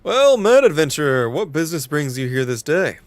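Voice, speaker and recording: A man's voice: on the high side, very animated, normal speed, no room sound. A man reading as a stiff palace official. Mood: formal. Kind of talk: reading game dialogue aloud.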